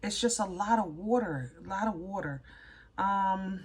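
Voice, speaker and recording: A woman giving a casual tarot reading, chatty and easily excited, rambling and restarting as she talks through the cards. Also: medium pitch, a little slow, breathy edge. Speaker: tarot reader.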